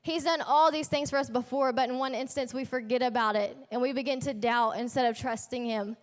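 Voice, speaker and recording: A woman's voice: high voice, steady tone, a little fast. A young woman leading a youth ministry, preaching a casual sermon in a chatty, slangy storytelling way with playful asides. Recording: echoey hall.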